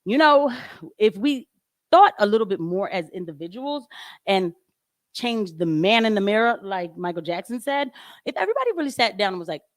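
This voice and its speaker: Woman streamer, casual commentary, animated and emphatic, dry close home mic, mid pitch. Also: normal speed, no room sound. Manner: animated, emphatic, laughs often. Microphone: home microphone with audio trouble.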